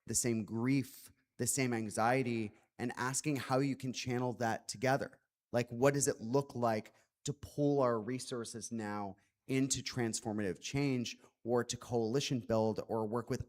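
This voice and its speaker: Man, author talk, earnest, reflective, mid-pitched voice, many fillers. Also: darkish tone. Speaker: author and guest speaker. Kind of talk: public book talk with Q&A.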